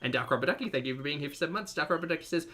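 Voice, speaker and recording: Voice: medium pitch, expressive, racing, sharp tone. A streamer doing casual live-stream commentary, wry and exasperated. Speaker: streamer reacting to videos.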